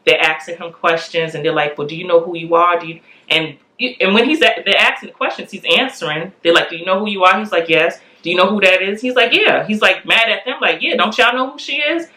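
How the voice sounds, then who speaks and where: Forties woman telling a family story, animated, bright tone, echoey room. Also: lowish voice, quick pace, few pauses. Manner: animated, acts out quoted voices. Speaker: guest telling her story. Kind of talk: candid storytelling.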